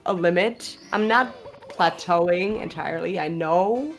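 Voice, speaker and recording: A woman with a slight lisp commentating a live speedrun stream from a booth, chatty and quick to laugh. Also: on the low side, soft background music. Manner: chatty, laughs often, restarts phrases.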